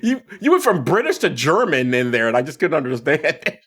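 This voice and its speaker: A man's voice: on the high side, very animated, a little fast, a bit bright. A man hosting a podcast in casual, playful chat, laughing easily. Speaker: podcast host.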